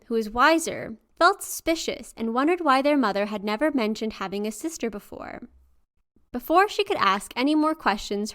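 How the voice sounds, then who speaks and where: A woman co-host with a fairly high voice reads a folktale aloud in an even storytelling tone. Between passages she slips into relaxed, lively chat and laughs easily. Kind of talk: story reading and casual chat.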